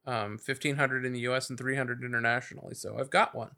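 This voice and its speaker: With a steady yet sharp mid-range voice, a male podcast co-host talks fast. The conversation is casual and rambling, and he uses many fillers and restarts.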